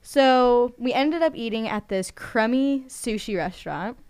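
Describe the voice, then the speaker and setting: A young woman runs a college radio show in a smooth, clear voice. She chats and rambles, packs her talk with fillers and little giggles, and speaks close to a studio microphone. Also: a little high, lively intonation, a little slow, darkish tone. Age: young adult. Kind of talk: casual radio chat.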